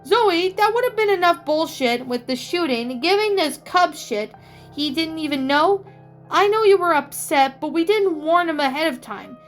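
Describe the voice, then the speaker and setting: Gruff older guy survivor, blunt but kind, read by a woman in a high voice. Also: animated, normal speed, soft background music. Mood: firm. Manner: blunt, reassuring.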